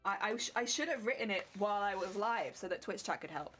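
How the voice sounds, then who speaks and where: A woman's voice: mid-range voice, expressive, fast, a bit bright, soft background music. A young woman chatting casually with her live stream viewers, laughing easily and answering chat as she works.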